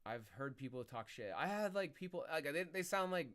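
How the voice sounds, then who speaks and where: A man's voice: a little high, animated, brisk, a bit bright. A man rambling and musing as he chats to viewers on his live stream. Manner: rambling, musing, talks to chat. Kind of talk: casual live-stream chat.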